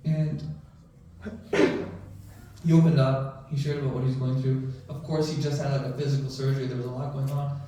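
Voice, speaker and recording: A physician chats with listeners in a large mosque prayer hall, often saying "right?" and "you know." His mid-range voice is warm but flat, at a moderate pace with long pauses. The echoey hall places him far away, and there's a little hiss or hum.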